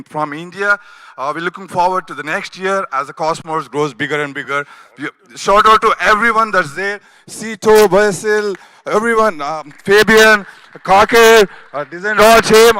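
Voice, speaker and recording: Male crew lead, high clear voice, hesitant thank-you, dry sound. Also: bright, forceful tone, no room sound. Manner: halting, many uhs, listing names. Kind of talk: stage thank-you speech.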